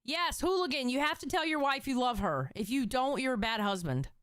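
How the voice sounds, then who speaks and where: A blunt woman reacting with plenty of swearing, her voice high and bright. The sound is dry and close. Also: lively intonation, a little fast, clear, resonant tone, no echo. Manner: blunt, profane, laughing. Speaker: co-host. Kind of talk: casual reaction commentary.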